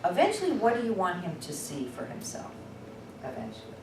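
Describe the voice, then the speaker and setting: A woman presenting at a workshop, telling a story in an animated, conversational, candid way. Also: lowish voice, brisk. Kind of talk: storytelling teaching talk. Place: workshop room. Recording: echoey room from far off, noisy.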